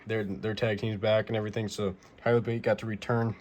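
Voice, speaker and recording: Young male vlogger, low-pitched and casual, excitable recap delivery full of "uh" and "like", faint hiss behind him. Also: brisk. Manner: excited, rambling with many fillers and restarts. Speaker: wrestling figure collector recapping the week.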